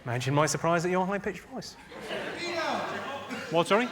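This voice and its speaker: A man doing stand-up crowd work, firing off deadpan put-downs at hecklers. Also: high-pitched, a little fast, pauses often, very noisy. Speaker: stand-up comedian. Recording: live theatre show, loud crowd laughter. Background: audience laughing and applauding.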